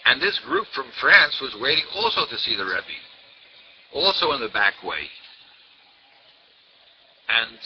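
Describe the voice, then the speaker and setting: A man in his sixties, a rabbi, tells a story in a sermon at a middle pitch. He repeats words again and again for emphasis. The recording is dull and lo-fi, with a faint hiss behind him. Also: big pitch swings, measured pace, pauses often.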